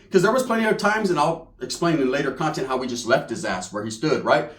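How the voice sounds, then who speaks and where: A young man from spins a crude comic story in loose, profane street slang. His voice sits fairly high, and it rings around a roomy space. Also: lively intonation, fast, hardly any pauses. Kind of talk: comedic storytelling. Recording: roomy echo.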